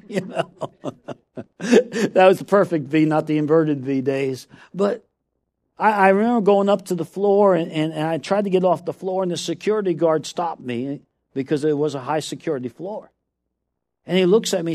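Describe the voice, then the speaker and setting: A man's voice: a little high, darkish tone. A middle-aged man preaching a sermon, telling a story with frequent laughter and repeated calls of "come on".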